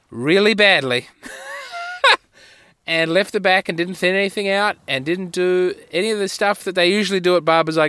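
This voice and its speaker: A man's voice: high-pitched, bright, forceful tone, clear, resonant tone, no echo. A man hosting a podcast, telling rambling, wry, self-mocking stories in a solo monologue on a close mic. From Australia. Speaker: podcast host.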